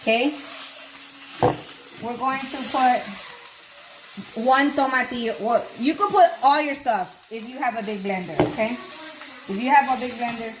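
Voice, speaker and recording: A woman with a slightly high voice walks viewers through a home recipe in loose, slangy, excitable talk. Her kitchen is noisy, with food frying and sizzling clearly behind her. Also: normal speed, long pauses. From Miami-Dade, Florida. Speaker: home cook vlogger. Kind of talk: casual cooking demo.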